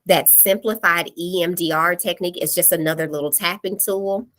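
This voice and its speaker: A woman presenting an online parenting workshop, explaining practical calming techniques step by step in a plain, practical way. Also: lowish voice, normal speed.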